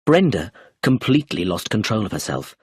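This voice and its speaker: A man reading a novel aloud as narration for English learners, clear and measured. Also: lowish voice, very animated, darkish tone, dry recording, clean studio sound. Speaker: audiobook narrator.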